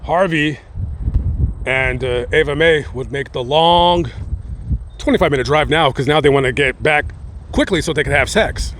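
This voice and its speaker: A man's voice: fairly high pitch, moderate pace, a bit bright, slight background noise. A man casually telling a true-crime story, rambling with slang, fillers and joking asides. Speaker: host.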